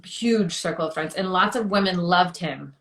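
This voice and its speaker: A woman's voice: on the low side, moderate pace, fairly bright tone, roomy sound. A woman in her thirties telling her personal story as an interview guest, chatty with many fillers and acting out quotes.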